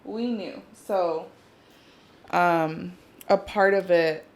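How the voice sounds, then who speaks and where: Low gravelly-voiced woman guest. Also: fairly even intonation, extremely slow. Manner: open, storytelling, emotional at times. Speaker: podcast guest. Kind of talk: casual chat.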